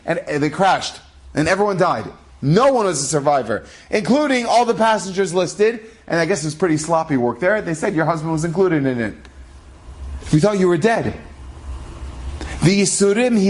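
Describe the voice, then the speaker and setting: A man, a rabbi, telling an inspirational story in an animated way, acting out the quotes and using many Hebrew terms. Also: sits high. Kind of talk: storytelling with a moral lesson.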